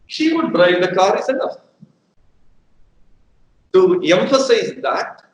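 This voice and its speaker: A man teaching a grammar lesson, deliberate and repeating his examples for emphasis. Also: high voice, lively intonation. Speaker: English teacher. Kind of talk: live educational lecture. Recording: roomy echo with faint room hum.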